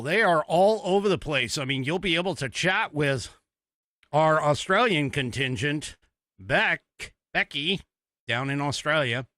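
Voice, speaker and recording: A man's voice: on the high side, sharp tone, no echo, studio quality. A man from the United States hosting a live podcast, talking in a rambling, chatty way with lots of fillers and restarts. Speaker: host. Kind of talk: live-stream podcast talk.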